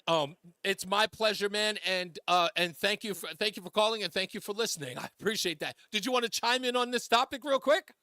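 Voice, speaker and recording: A man's voice: high-pitched, a little fast, hardly any pauses, bright, forceful tone, no room sound, clean studio sound. A male radio talk show host on a political call-in show, emphatic and repeating phrases for effect. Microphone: studio microphone.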